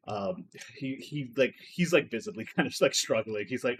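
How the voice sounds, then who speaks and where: A man's voice: on the low side, animated, fairly quick, hardly any pauses, a little hiss or hum. A man running a tabletop role-playing game as game master, rambling with many fillers and laughing often.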